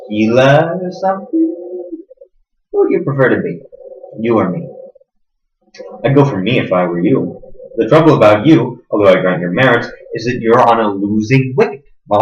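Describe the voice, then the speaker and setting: An actor playing a smug, sadistic middle-aged interrogator who sneers and swings between hushed menace and sudden loudness, in a roomy, dull recording. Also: male voice, fairly low pitch. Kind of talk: stage drama acting.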